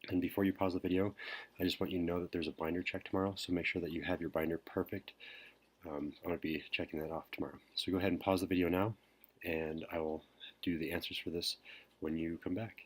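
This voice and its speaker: A man teacher whispering a recorded math lesson, hesitant with frequent pauses. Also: low-pitched, little pitch movement. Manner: whispering softly; hesitant, many ums.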